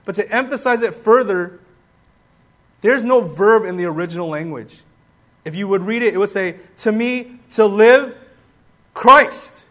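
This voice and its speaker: A man's voice: sits high, a bit bright. A man preaching a sermon with passion, asking the congregation rhetorical questions. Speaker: pastor.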